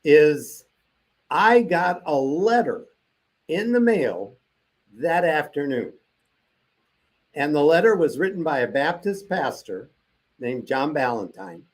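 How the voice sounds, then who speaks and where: An older man with a slightly high voice tells a story as an interview guest. He talks casually and animatedly, and he acts out the dialogue he quotes. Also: very animated, takes it slowly, long pauses.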